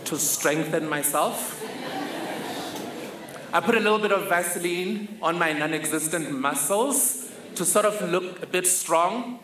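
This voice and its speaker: A man's voice: a little high, a bit bright, slight background noise. A young man telling a wry, vivid personal story on stage. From South Africa. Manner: vivid, wry, self-mocking. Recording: echoey hall, faint ambience.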